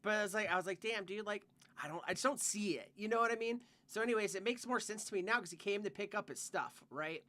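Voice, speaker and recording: A young podcast co-host tells a rambling work story in casual chat, packed with "like" and swearing. His voice is high, fast and sharp.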